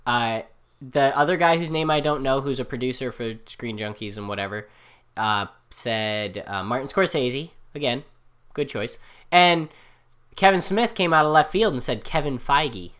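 A man co-hosting a podcast in casual chat, excitable and chatty, often trailing off and restarting. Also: mid-range voice, normal speed, smooth. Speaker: podcast co-host.

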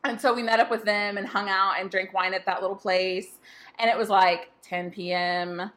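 A woman's voice: mid-range voice, steady tone, moderate pace, fairly bright tone. A young woman from hosting a podcast, telling a story in casual chat and laughing often. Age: young adult. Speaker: podcast host.

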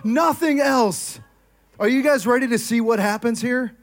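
A male pastor preaching a sermon, energetic and often firing questions at the congregation. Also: very high voice, brisk. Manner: energetic, asks the crowd questions.

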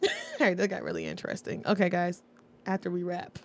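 A woman's voice: on the low side, fairly even intonation, a little fast, gravelly, a little hiss or hum. A woman co-hosting a casual chat with friends, blunt, swearing freely and laughing often, a little tipsy. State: tipsy from drinking. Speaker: podcast co-host.

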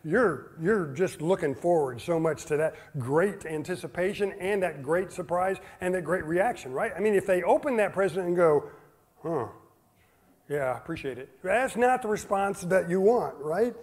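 A man's voice: moderate pace, few pauses, darkish tone. A man preaching a sermon in a conversational way, asking the listeners questions, chuckling often and acting out little quotes. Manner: acts out quotes in a higher playful voice. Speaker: pastor.

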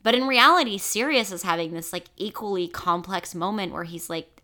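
Chatty podcast lady, bright voice, says like a lot. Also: mid-range voice, moderate pace. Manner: chatty, lots of "like" fillers. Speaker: podcast host. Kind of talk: casual chat.

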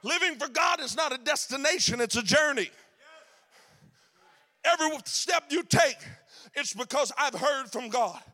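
A man preaching a sermon, rising into shouted, sing-song preaching. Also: very high-pitched, animated, unhurried, pauses often. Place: church sanctuary.

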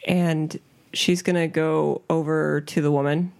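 A woman's voice: low-pitched, little pitch movement, measured pace, vocal fry, darkish tone. A woman playing a tabletop game, speaking in character in a hesitant, apologetic way with many restarts. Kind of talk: in-character role-play.

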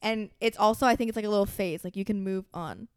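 A woman's voice: mid-range voice, fast talker, darkish tone, clear, resonant tone, no echo, studio quality. A young woman co-hosting a podcast, chatting casually and filling her speech with "like". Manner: chatty, lots of "like" fillers. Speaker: podcast co-host. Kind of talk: casual chat.

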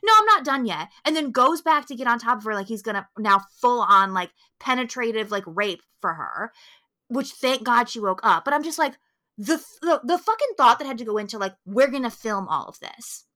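Animated, bright-voiced woman ranting. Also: a little high, a little fast. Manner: emphatic, profane ranting. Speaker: podcast co-host. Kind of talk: casual film review chat.

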